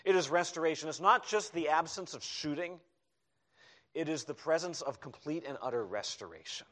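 A man preaching a sermon as pastor, emphatic, dropping into quiet asides to the congregation. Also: on the high side, expressive, moderate pace. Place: church hall.

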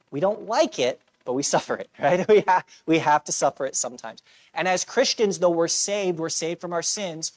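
A man preaches in a church, talking to his congregation as if chatting. He jokes at his own expense and keeps checking in with "right?" between his points. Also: fairly high pitch. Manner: conversational preaching, self-deprecating humor, frequent "right?". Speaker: pastor. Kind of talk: sermon.

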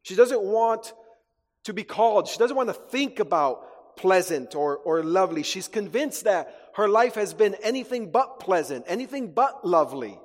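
A man's voice: high voice, expressive, normal speed. Earnest preaching man in a reverberant church. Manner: earnest, repeats words while preaching. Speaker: pastor. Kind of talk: sermon.

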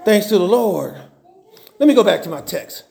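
High, gravelly preacher in an echoey room. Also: male voice, normal speed. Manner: animated, folksy storytelling with humor. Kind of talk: sermon. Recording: roomy echo.

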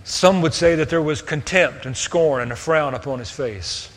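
A man preaching a sermon, earnest, moving between hushed tender passages and raised emphatic ones. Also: fairly high pitch, moderate pace. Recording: long reverb of a hall.

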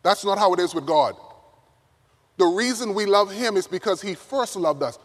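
A man preaching a sermon to college students, emphatic, swinging from loud to hushed. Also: high-pitched, expressive, normal speed. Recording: reverberant hall.

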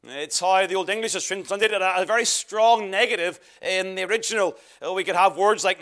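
A man's voice: sits high, fairly quick, few pauses, fairly bright tone. A man preaching a sermon, emphatic and earnest, often repeating words for stress. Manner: emphatic, varied delivery with repeated phrases.

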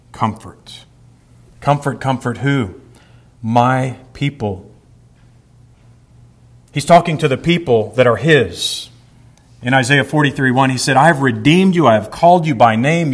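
Man preaching a verse-by-verse sermon. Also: medium pitch. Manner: reads scripture slowly, then teaches in an explanatory, emphatic way. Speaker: pastor.

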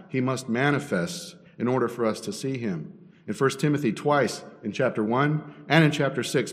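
Male pastor, middle pitch, teaching sermon with rhetorical questions, recorded in a reverberant sanctuary. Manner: teaching, asks rhetorical questions, builds in emphasis. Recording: long reverb in a hall.

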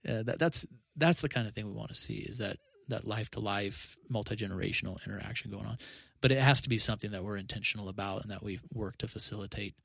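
Male pastor, podcast chat, gravelly voice, dry close sound, earnest, stop-start phrasing. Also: lowish voice, fast talker, few pauses, fairly bright tone, dry recording. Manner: earnest, with frequent restarts and 'you know'. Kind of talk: casual podcast conversation.

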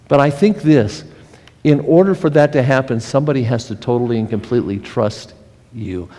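A pastor preaches a sermon in an earnest, conversational way, often restarting his sentences. His middling, darkish voice rings with a long reverb in a church hall.

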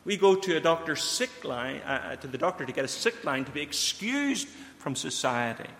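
A man's voice: on the high side, very animated, normal speed, fairly bright tone. A man preaching a sermon, earnestly putting questions straight to his listeners. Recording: long hall reverb.

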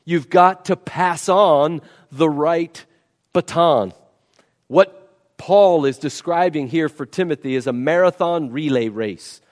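A man's voice: fairly high pitch, slow pace. A man preaching a sermon, emphatic and repeating key words for stress. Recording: long reverb of a large hall.

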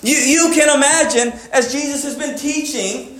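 Preaching a sermon to his congregation, a pastor speaks in a high, clear voice that's steady in tone and a bit bright. He lowers and slows down for reflective questions, then rises into emphatic repetition, all within an echoing room.

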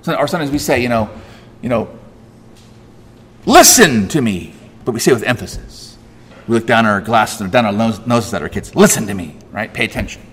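A man preaching a sermon as pastor, emphatic and full of rhetorical questions, his voice rising and dropping sharply for stress. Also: fast. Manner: emphatic, rhetorical questions, big swings in pitch and loudness. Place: church sanctuary. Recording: long hall reverb.

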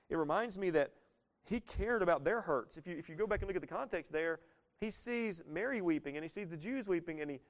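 A man in his thirties, a pastor giving a casual, earnest verse-by-verse sermon with sudden swells of emphasis. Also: fairly high pitch.

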